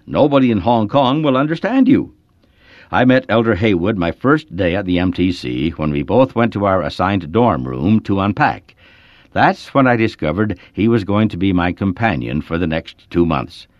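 A man with a low voice narrates a short story aloud, and his pitch rises and falls in lively swings as he leans on key words. The recording is dull and muffled. The sound is dry and close, with no room echo. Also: normal speed.

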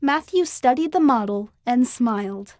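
A woman narrating a children's story in a clear, expressive manner. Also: a little high, a little slow, no echo, clean studio sound.

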